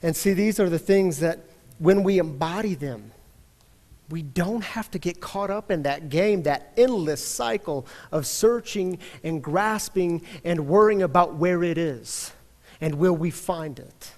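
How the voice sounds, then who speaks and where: Pastor guy preaching, fairly high voice, long churchy reverb. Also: a little slow. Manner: earnest storytelling, builds intensity then drops soft. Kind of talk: sermon. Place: church sanctuary.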